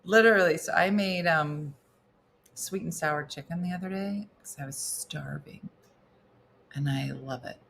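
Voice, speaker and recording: In her home kitchen, a middle-aged woman comedian hosts a laid-back morning cooking show, making wry remarks as she cooks and reading viewers' comments aloud. Her low voice is creaky and a bit bright, unhurried, with slight background noise.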